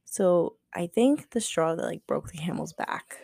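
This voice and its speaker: A woman's voice: on the low side, animated, a little slow, creaky, darkish tone, slightly rough, no room sound, clean studio sound. A woman podcast co-host telling a casual story, chatty and profane, full of "like" and acted-out quotes. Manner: chatty, profane, heavy use of "like"; acts out quoted dialogue.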